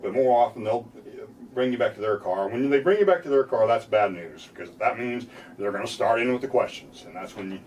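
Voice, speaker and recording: A defense lawyer explaining rights in plain talk, now and then mimicking police officers in a loud mocking voice. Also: male voice, mid-range voice, lively intonation, a little fast, distant mic, a little hiss or hum.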